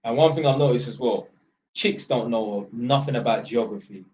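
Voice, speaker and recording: A man's voice: medium pitch, normal speed, a little mellow. A young man chatting on a live stream, rambling and blunt, swearing freely. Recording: dull lo-fi sound.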